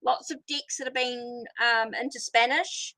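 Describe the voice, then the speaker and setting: A woman's voice: on the high side, steady tone, a little slow, bright, forceful tone. A middle-aged woman hosting a casual live tarot stream, rambling as she greets viewers and answers their comments. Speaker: tarot reader hosting a livestream.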